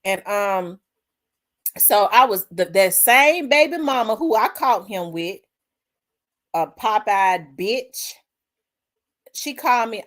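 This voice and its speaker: A woman's voice: slow, long pauses. A middle-aged woman, hosting her own show and candidly telling a personal story, acting out the dialogue with big swings in her voice. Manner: animated, acts out quoted dialogue with big pitch jumps. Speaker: host.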